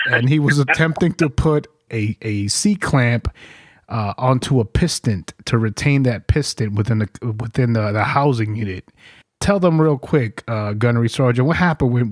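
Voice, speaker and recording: A man's voice: mid-range voice, no room sound, clean studio sound. A man from New York hosting a podcast, telling stories with lots of laughter and swearing. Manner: profane, laughing storyteller. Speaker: podcast host. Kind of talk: casual interview chat.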